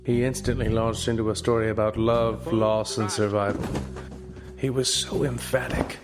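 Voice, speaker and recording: An actor playing a wisecracking hard-boiled private eye, narrating a comedic noir radio play in a dry, self-amused way. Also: male voice, on the low side, little pitch movement, normal speed, natural voice. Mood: wry. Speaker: narrator and lead detective. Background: guitar music.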